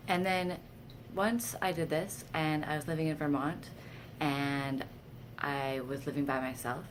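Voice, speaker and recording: With a low voice at a moderate pace and few pauses, a woman vlogger tells casual, candid stories about herself to camera. She's self-deprecating and animated when quoting herself, and there's background noise.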